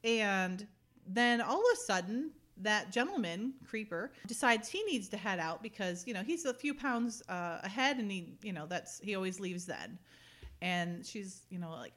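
A woman's voice: mid-range voice, expressive, normal speed, a bit bright. A woman hosting a casual chat, giggling often and acting out lines as she retells scenes. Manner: giggly, chatty, acts out quotes. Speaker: podcast host.

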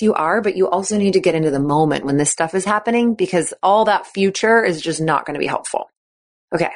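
A woman podcast host coaching athletes in a chatty, encouraging way, often acting out the thoughts she quotes. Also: mid-range voice. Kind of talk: casual coaching talk.

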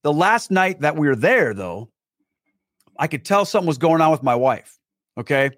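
Man, podcast guest, animated storyteller, acts out dialogue, somewhat high pitch, dry close sound. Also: moderate pace, no echo. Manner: many fillers and restarts. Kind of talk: personal storytelling in conversation.

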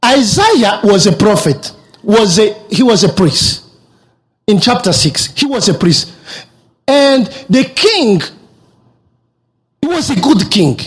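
High-pitched, animated man preaching. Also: takes it slowly, pauses often. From Africa. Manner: animated storytelling with repeated words and sudden leaps in pitch. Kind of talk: sermon.

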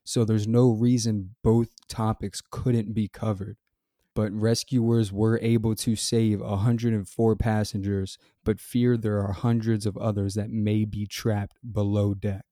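A man hosting a solo podcast, reading news details and then giving his earnest, measured opinion. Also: on the low side, little pitch movement, warm tone, dry recording, clean studio sound. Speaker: podcast host. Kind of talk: scripted solo commentary.

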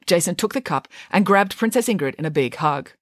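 A woman narrating a children's story aloud in a lively, expressive way, close to the microphone. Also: on the low side, fairly quick, no room sound.

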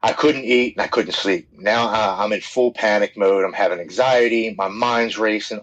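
A man's voice: fairly low pitch, normal speed, few pauses, a bit bright, dull audio. A man guest on a podcast telling his personal story in a candid, plain-spoken way, often restarting his sentences.

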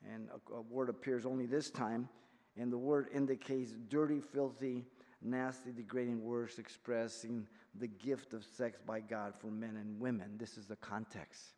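A man in his sixties teaching a verse-by-verse Bible study as pastor, emphatic, swinging from quiet explanation to loud rebuke. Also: mid-range voice, steady tone, normal speed. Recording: long reverb of a hall.

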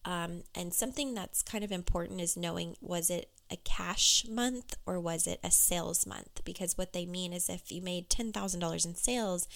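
A young woman life coach talking candidly in a casual monologue, her voice froggy and hoarse, with plenty of "you know" and "um". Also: on the low side, a bit bright.

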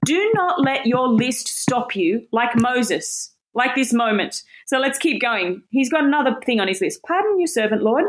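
Brief: woman Bible teacher, lively casual preaching, higher voice, quick laughs. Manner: animated, self-deprecating, laughs often. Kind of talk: casual sermon.

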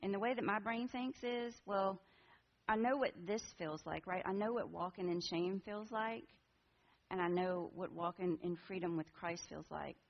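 A woman in her forties gives a candid, earnest personal testimony to a church group, speaking conversationally as a women's ministry speaker. Her mid-range voice is gravelly, with fairly even intonation and a moderate pace. The recording is dull and lo-fi.

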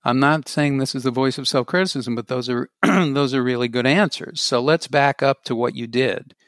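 A man's voice: mid-range voice, moderate pace, a bit bright, dry recording, studio quality. A man hosting a casual chat, asking questions with hesitant restarts and a playful manner.

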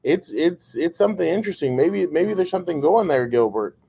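A man's voice: a little high, lively intonation, brisk, gravelly, warm tone, breathy edge. A man hosting a sports show in a chatty, upbeat way. He rambles a little and restarts his sentences as he moves through the recap. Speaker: podcast co-host. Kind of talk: casual sports podcast chat.

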